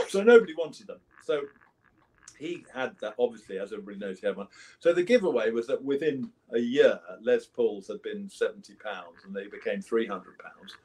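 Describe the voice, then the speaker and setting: A man's voice: medium pitch, expressive, moderate pace, darkish tone. Older English man telling rambling stories. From England. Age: 70s. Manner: rambling anecdotal storytelling with restarts. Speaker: guest musician. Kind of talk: casual interview chat.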